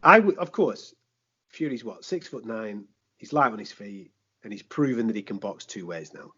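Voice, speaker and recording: A man, a sports presenter, chatting on a podcast in a lively way, with rhetorical questions, slang and swearing. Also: on the low side, moderate pace, breathy edge. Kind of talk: casual podcast chat. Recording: dull lo-fi podcast audio.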